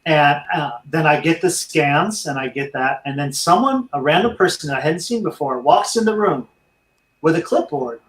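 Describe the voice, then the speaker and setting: In an interview, a middle-aged veteran and dog trainer earnestly tells his life story, speaking to listeners as if they were friends. His fairly high voice is animated at a normal pace, though the audio is poor and echoey.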